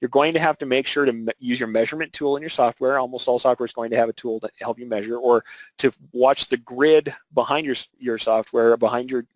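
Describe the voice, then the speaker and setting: A man's voice: mid-range voice, steady tone, fast, no echo, low-quality recording. Man explaining embroidery in a webinar. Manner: explanatory, with frequent filler words and restarts. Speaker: embroidery instructor. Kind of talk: webinar teaching.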